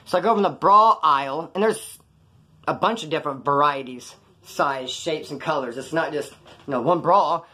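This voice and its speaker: A man's voice: a little high, moderate pace, pushed and bright. A middle-aged man, a former prisoner, telling a crime story in casual, profane street slang, rambling between asides. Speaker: ex-convict storyteller.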